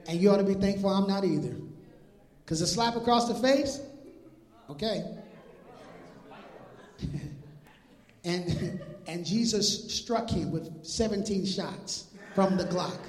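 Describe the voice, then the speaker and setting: A male pastor preaching an animated, joking sermon in casual slang, retelling scripture. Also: high-pitched, slow, long pauses. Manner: animated, jokey, laughs at his own lines. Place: church sanctuary. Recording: echoey hall.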